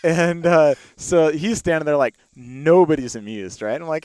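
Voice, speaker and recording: A man's voice: on the high side, normal speed, few pauses, a little mellow, smooth, dry recording. A young man telling a long story in casual chat, with lots of fillers and laughs, spoken into a studio mic. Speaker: podcast guest.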